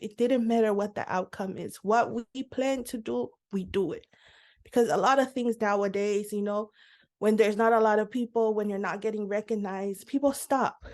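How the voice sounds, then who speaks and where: A woman speaking in a heartfelt, emotional way about her church community. Her voice sits at an ordinary middle pitch for a woman, and she sounds sincere and open. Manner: heartfelt and emotional, with a quiet laugh at times. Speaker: worship team member. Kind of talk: testimony in a church interview.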